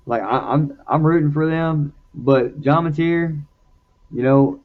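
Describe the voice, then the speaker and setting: A man's voice: fairly high pitch, a little slow, narrow, tinny audio. A man co-hosting a casual sports chat show, talking animatedly about his game picks. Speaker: podcast co-host.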